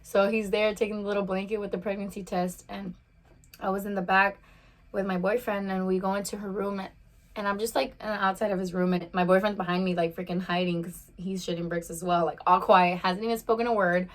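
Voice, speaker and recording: A young woman in her twenties chats through a personal story for her vlog, mixing bites and sips into the talk. She rambles in a friendly way and leans hard on "like" and "you know," with her voice at an ordinary middle pitch. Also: level tone, brisk. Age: 20s. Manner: chatty, lots of "like" fillers. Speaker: vlogger. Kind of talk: casual storytime while eating.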